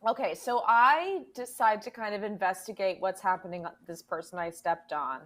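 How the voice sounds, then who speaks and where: A woman's voice: mid-range voice, normal speed, fairly bright tone. A woman playing in a casual tabletop role-play, with a playful, giggly manner. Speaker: player.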